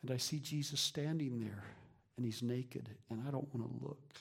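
A man preaching a sermon as a pastor, moving between lively emphasis and hushed whispers. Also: mid-range voice, moderate pace, gravelly, breathy edge. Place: church.

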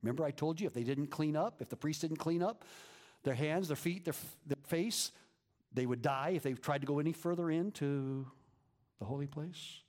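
A man preaching a sermon as a pastor, moving between lively emphasis and hushed whispers. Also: a little high, moderate pace. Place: church.

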